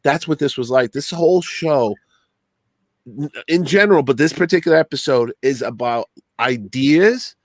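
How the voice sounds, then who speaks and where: A man's voice: medium pitch, moderate pace, dry recording. Blunt, swearing man on a dry mic. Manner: blunt, profane, exasperated. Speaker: podcast co-host. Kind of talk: casual chat.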